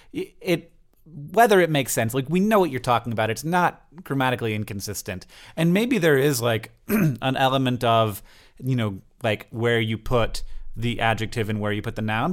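A man's voice: medium pitch, animated, moderate pace. A man co-hosting a podcast in casual chat, explaining his points with many fillers and restarts. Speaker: podcast co-host.

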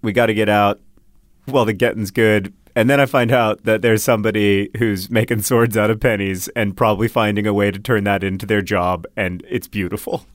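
A man's voice: fairly low pitch, steady tone, brisk, no room sound, studio quality. A middle-aged man co-hosting a podcast, chatting casually in a rambling, self-deprecating way and restarting his sentences. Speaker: podcast co-host. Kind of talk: casual chat.

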